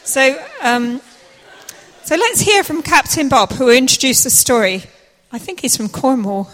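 A woman's voice: high voice, measured pace, fairly bright tone. A woman narrating a live church play and directing the cast as she goes. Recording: echoey hall with faint noise.

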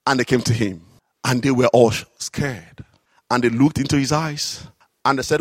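A man preaching a sermon, telling stories with animated, drawn-out emphasis on key phrases. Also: mid-range voice, breathy edge, dry recording, studio quality. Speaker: works alongside a psychiatrist in an office.

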